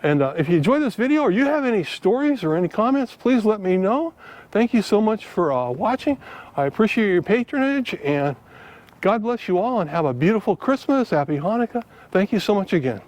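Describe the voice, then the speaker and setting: An older man, a vlogger giving selling tips, tells a folksy story in a casual, chatty monologue, acting out both sides of each conversation in his own voice. His voice sits high and sing-song, with a darkish tone and a slightly fast pace.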